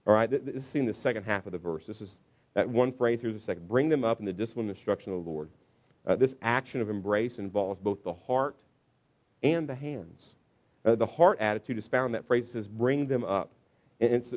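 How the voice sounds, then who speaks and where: A man preaching a conversational sermon on parenting as a pastor, animated, briefly acting out shouting parents. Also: medium pitch.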